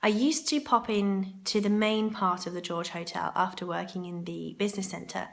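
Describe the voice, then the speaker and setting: A chatty woman talks straight to camera, rambling through her day. Her throat is sore and groggy, and a gravelly fry runs under her voice. She sounds casual and unscripted. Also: medium pitch, fairly even intonation, moderate pace. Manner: chatty and rambling, with asides to herself. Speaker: vlogger. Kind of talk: chatty vlog monologue. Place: hotel ladies' room for part of it.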